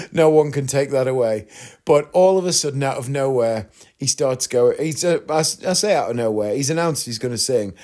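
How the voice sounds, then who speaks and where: Man, podcast host, mid-pitched voice, rambling and chatty storytelling, laughs easily. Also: darkish tone. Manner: chatty, rambling, laughs at his own stories. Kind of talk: casual storytelling monologue.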